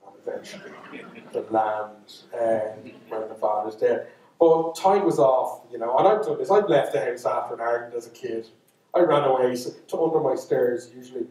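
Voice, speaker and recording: A man's voice: medium pitch, moderate pace, darkish tone. An Irish man telling a folk tale live to an audience, with chatty asides. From Ireland. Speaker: storyteller. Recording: echoey hall, speaker far from mic.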